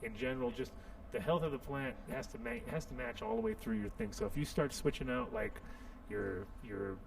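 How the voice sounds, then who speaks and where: A man's voice: mid-range voice, big pitch swings, fairly quick, gravelly. A man hosting a casual radio talk show, chatting loosely through sponsor plugs with jokes and restarts. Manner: rambling, jokey, trails off into restarts. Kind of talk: casual on-air chat reading sponsor plugs. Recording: distant mic with faint room noise.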